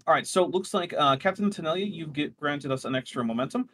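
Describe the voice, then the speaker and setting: A male game master narrating a tabletop space adventure, his voice sitting fairly high for a man. He talks in a relaxed, rambling way, pausing with fillers and correcting himself as he goes. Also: a little hiss or hum.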